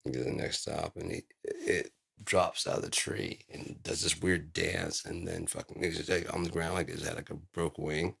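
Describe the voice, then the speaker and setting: A man's voice: very deep voice, steady tone, normal speed, vocal fry, hardly any pauses, fairly bright tone, husky. A man vlogging in a rambling, profane, casual monologue, telling stories and putting on silly voices.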